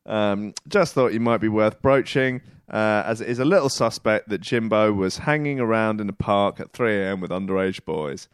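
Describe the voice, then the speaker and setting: A man's voice: fairly low pitch, normal speed, few pauses, smooth, no echo, studio quality. A man co-hosting a podcast, reading out a listener's message with wry asides. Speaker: podcast co-host.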